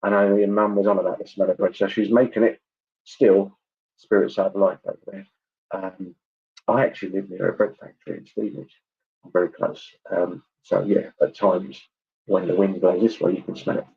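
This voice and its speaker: A man giving a clairvoyant reading at a church service, chatty and halting, with many ums and asides. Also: deep voice, little pitch movement, creaky, husky, highs cut off. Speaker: spiritualist medium.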